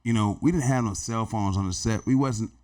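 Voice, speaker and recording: A middle-aged man, a podcast guest, telling stories in a casual, animated and slangy way, often saying "man" and "bro". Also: on the low side, brisk, a loud crowd. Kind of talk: casual storytelling.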